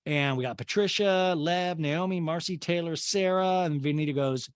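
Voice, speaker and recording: A man hosting a casual comedic recap, chatty and sarcastic, with quick asides. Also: fairly high pitch, no echo. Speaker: podcast host recapping a reality show.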